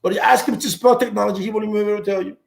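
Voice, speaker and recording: A man's voice: high voice, steady tone, rapid-fire, vocal fry, echoey room, low-quality recording. A man hosting a live call-in chat, talking bluntly, swearing freely and repeating words as he thinks. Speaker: host.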